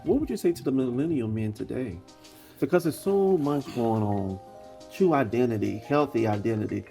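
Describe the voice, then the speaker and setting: A man with a mid-range voice hosts a podcast. He asks relaxed, conversational questions and backs his guest with short affirmations. Faint music plays underneath. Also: medium pitch, moderate pace, gravelly. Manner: steady stream of brief affirmations, conversational questions. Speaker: podcast host.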